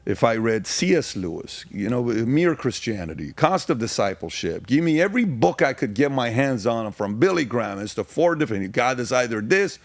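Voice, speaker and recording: A man in his forties who grew up in Iran talks as a podcast guest at a mid-range pitch, pressing his points with rhetorical questions. His voice is close and dry on a studio mic, with no room sound. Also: sing-song, moderate pace, few pauses, dry recording. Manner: emphatic, fires rhetorical questions. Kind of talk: casual storytelling interview.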